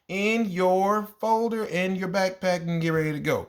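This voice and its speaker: A man who teaches kindergarten, telling funny stories from his class in a casual, exasperated, animated way and jumping up in pitch when he quotes himself. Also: moderate pace, hardly any pauses. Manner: animated, exasperated, jumps into high voices when quoting himself. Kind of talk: casual storytelling monologue.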